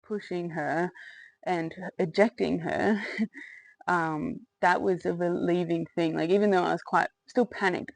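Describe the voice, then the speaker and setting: A woman's voice: fairly low pitch, vocal fry, no room sound, rough recording. A woman telling her own birth story in a candid, rambling way, with lots of fillers, laughter and swearing. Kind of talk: casual personal storytelling to camera.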